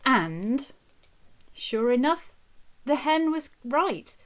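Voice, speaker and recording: A woman telling a children's story in an expressive, dramatic way. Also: high voice, very slow, slight background noise. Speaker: nursery teacher storyteller.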